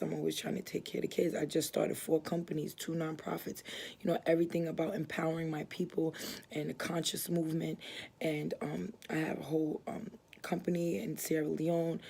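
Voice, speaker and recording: Gravelly, husky woman giving testimony. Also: sits low, flat delivery, brisk, dark tone. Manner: earnest, rambling, many fillers and restarts; moved and emotional as she tells it. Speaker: church member giving testimony. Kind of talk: personal religious testimony.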